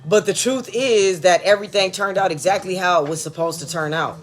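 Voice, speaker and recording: A man gives a casual, chatty tarot reading. He talks in a loose, easygoing way and drops into soft, murmured blessings. Light music plays faintly behind him. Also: high voice, brisk. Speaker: tarot card reader.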